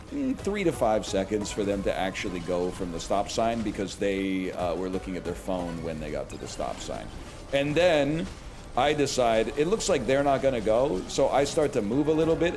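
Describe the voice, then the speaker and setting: A man in his thirties streaming a game, chatting with his viewers as he plays. His talk is lively and rambling, with a pitch that rises and falls constantly as he jumps between jokes and tangents. Faint game music plays underneath. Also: moderate pace. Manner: rambling, joking, wanders off on tangents. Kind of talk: casual chat while playing a video game.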